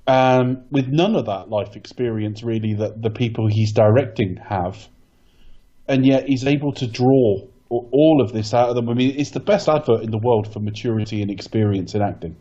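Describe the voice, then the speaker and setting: Wry man, mellow dull-toned voice. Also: medium pitch, moderate pace. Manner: wry, joking, talks in long rambling turns. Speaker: podcast co-host. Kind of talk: casual film review chat.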